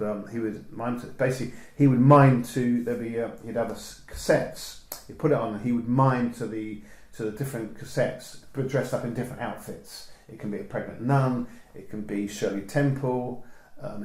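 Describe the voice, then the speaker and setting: A man's voice: medium pitch, a little mellow. Man, southern English accent, photographer, meandering storytelling, roomy echo. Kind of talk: casual reminiscing interview.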